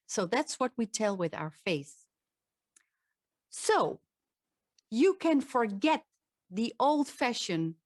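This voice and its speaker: A woman's voice: medium pitch, no room sound, studio quality. A woman, a voice and presentation coach, giving an earnest talk with demonstrations and frequent restarts. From Netherlands.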